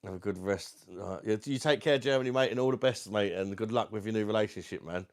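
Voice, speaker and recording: A livestream host from South East London chats casually at home in a London accent, reading out viewer comments and calling everyone mate. His voice is fairly low and he talks fast.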